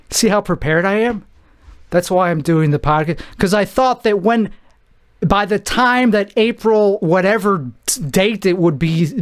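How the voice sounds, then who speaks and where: Young guy, high voice, out of breath, rambling solo podcast, keeps restarting and making fun of himself. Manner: rambling, self-deprecating, halting restarts. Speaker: podcast host. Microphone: camera mic.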